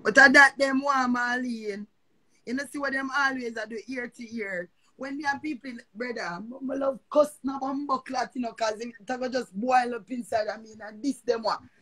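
A woman's voice: fairly high pitch, fairly quick. Older Jamaican woman ranting, cursing. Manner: cursing, repetitive, confrontational. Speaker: social media personality. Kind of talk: heated live-stream rant.

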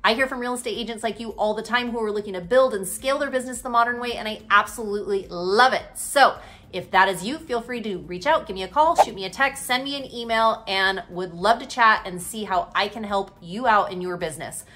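Upbeat woman in her thirties, casual vlog storyteller, mid-pitched voice, chatty with lots of fillers. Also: fairly quick, fairly bright tone. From Utah. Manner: chatty, upbeat, fillers like "literally" and "you know". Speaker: real estate agent and coach.

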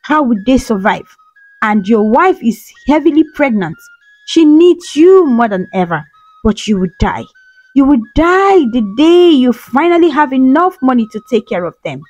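A woman's voice: high-pitched, very animated, moderate pace, darkish tone, no echo, lo-fi sound, soft background music. A woman voicing a bitter, vengeful young female ghost in a storybook tale, speaking in a cold, mocking manner. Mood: icy.

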